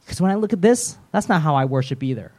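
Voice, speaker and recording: A man preaching a sermon in a lively, conversational way, with self-deprecating humor and quick role-played voices. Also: fairly high pitch. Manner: animated, acts out voices of biblical figures.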